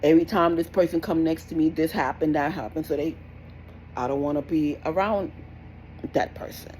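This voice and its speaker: A woman's voice: sits low, moderate pace, a little mellow, a little hiss or hum, poor audio. A young woman, giving blunt, repetitive parenting advice in a scolding, casual rant. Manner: blunt, scolding, repeats herself. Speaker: parenting vlogger.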